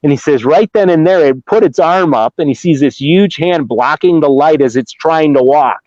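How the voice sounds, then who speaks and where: A man's voice: a little high, moderate pace, a little mellow, dry recording. A middle-aged man from Ohio, telling a story in a casual, rambling way, with restarts and acted-out quotes. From Ohio, USA. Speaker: Bigfoot researcher guest. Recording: dull lo-fi dry remote audio.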